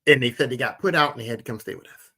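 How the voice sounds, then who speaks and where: Bright-voiced man telling stories. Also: mid-range voice, racing. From Philadelphia. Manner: animated, repetitive, emphatic retelling. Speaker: podcast host. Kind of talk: casual storytelling.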